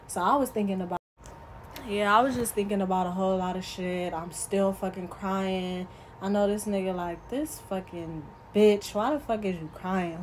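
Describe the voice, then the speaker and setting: A woman's voice: fairly low pitch, darkish tone, slight background noise, poor audio. A woman vlogger telling a casual storytime, profane and emphatic, talking straight to her viewers.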